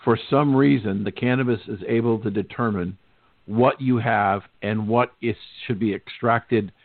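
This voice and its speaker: A male radio talk show host interviewing a guest, measured and polite, setting up questions with anecdotes. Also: lowish voice, steady tone, no room sound. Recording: phone-like narrow band, dry.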